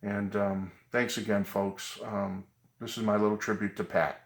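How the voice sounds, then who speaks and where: A man's voice: fairly low pitch, little pitch movement, a little slow, echoey room. A middle-aged man talking casually and earnestly to his viewers from his music room at home. He rambles a little, with frequent ums and uhs. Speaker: vlogger. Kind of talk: casual tribute vlog.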